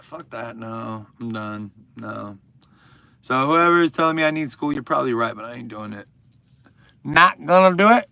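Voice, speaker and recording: Livestream host, man in his thirties, gravelly, crude rambling humor. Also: mid-range voice, expressive, normal speed, sharp tone, no room sound. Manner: joking, crude and rambling, addressing viewers by name. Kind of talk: casual chat reading viewer comments.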